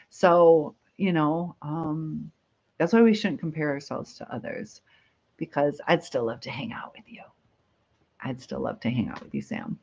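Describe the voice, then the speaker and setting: A woman's voice: sits low, dull audio. A woman hosting a casual live stream, chatting and reading viewer comments aloud with frequent laughs.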